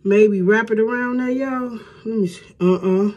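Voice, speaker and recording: A middle-aged woman talking casually to her viewers at home, chatty and warm with plenty of y'all. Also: on the high side, moderate pace, lo-fi sound. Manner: chatty, addresses viewers as y'all, Southern US speech. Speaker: hair vlogger. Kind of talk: casual vlog chat.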